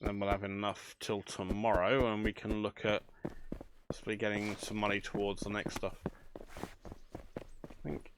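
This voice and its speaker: A man's voice: fairly low pitch, level tone, moderate pace, very noisy. A man chatting casually as he plays a management game, thinking aloud with dry banter. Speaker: gaming channel host. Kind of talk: casual let's play commentary.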